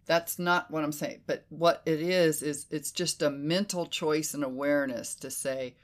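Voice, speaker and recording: A woman hosting a casual conversation, animated and emphatic, who swears freely and slips into quoted inner voices. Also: deep voice, a little slow. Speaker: podcast host.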